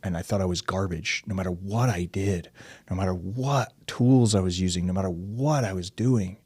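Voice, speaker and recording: A man's voice: sits low, normal speed, darkish tone, slightly rough, no room sound. A man from the United States, a podcast guest, telling a candid personal story at length and acting out the dialogue. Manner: long-winded, acts out quoted dialogue, says dude and like.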